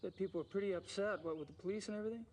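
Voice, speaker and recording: A man's voice: high voice, rapid-fire, noisy background, natural voice. An actor voicing a curious young man asking probing questions in a video game. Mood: inquisitive.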